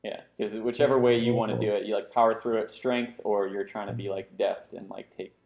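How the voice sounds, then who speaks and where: A gravelly, fairly low-pitched man runs a tabletop game and narrates the action in a loose, rambling way. The recording sounds dull and lo-fi. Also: brisk. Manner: loose, animated narration full of fillers and voiced asides. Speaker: game master.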